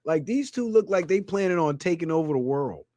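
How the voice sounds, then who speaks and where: A man's voice: on the high side, animated, fairly quick, mellow, dry recording. Crude, mocking male commentary host. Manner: crude, mocking, laughs at his own jokes. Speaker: channel host. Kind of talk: ranting comedy commentary.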